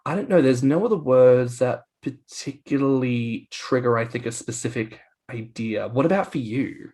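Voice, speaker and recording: A man co-hosting a podcast, telling stories in a playful, animated way with quick mock voices. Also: mid-range voice. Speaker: podcast co-host. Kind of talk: casual chat.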